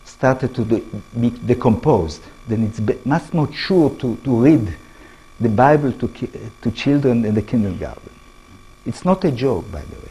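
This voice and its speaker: An older man with an Israeli accent giving a lecture to an audience, in halting English, often restarting words and asking the listeners questions. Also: medium pitch, warm tone, husky, low-quality recording. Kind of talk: public talk to an audience.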